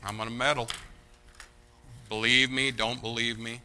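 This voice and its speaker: A man preaching a sermon as pastor, animated and mocking, swinging between loud outbursts and hushed asides. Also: mid-range voice, moderate pace, a little hiss or hum.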